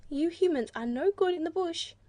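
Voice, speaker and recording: Motherly kangaroo lady, kinda fretful and polite, high sweet voice, a woman reading it. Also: lively intonation, moderate pace, warm tone, dry recording. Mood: fond. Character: kind, nervous motherly female kangaroo.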